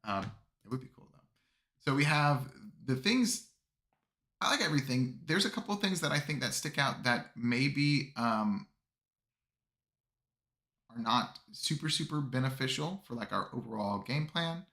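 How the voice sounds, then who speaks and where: A man hosts a casual livestream with a bright, forward tone. He rambles through fillers and restarts and chuckles often. He sounds close to his desk mic. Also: mid-range voice, animated, moderate pace, long pauses. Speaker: streamer reviewing army lists.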